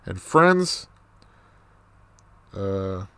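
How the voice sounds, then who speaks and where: A man reads a novel aloud and stops to explain it, unhurried and self-deprecating. He stumbles and restarts often, and his voice sounds dry and close. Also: low-pitched, sing-song, creaky, sharp tone, smooth, no room sound. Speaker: reader. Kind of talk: reading a novel aloud with commentary.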